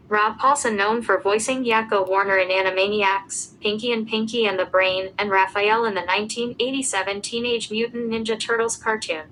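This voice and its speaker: A woman giving a scripted narration, reading out lists of names and dates at an even pace. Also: on the high side, a little hiss or hum, rough recording.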